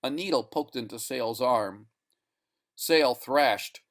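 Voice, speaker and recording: A man reading a short story aloud in a deliberate, expressive narration. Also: mid-range voice. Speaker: reader. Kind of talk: audiobook narration.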